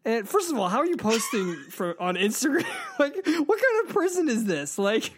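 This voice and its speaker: A man's voice: extremely high pitch, normal speed, noisy background. A man hosting a casual podcast, joking and laughing as he talks and reviews films. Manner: animated, joking, laughs while talking. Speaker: podcast host and movie reviewer. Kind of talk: casual chat.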